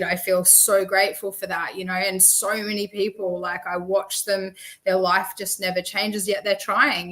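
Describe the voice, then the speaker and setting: A woman's voice: medium pitch, sharp tone, rough recording. A woman guest on a podcast, rambling in a loose, chatty way with lots of fillers and self-corrections. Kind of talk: casual conversational interview.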